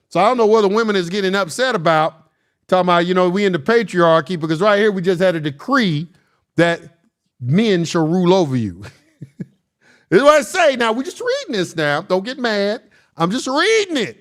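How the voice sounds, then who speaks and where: A man's voice: high-pitched, expressive, moderate pace. A man giving casual commentary, reading verses aloud and arguing bluntly and emphatically, often laughing. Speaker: commentator reading and discussing scripture.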